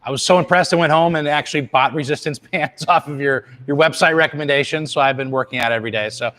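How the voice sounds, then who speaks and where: A man's voice: a little high, fast talker, fairly bright tone. A man hosting a live TV show from Florida, chatting casually with a guest and leaning on frequent uh fillers. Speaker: TV show host.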